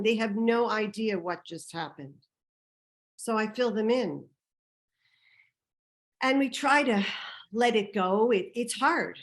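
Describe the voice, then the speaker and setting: A woman telling a personal story on stage, dramatic and vivid, moving between hushed and loud. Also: medium pitch, slow, pauses often. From Canada.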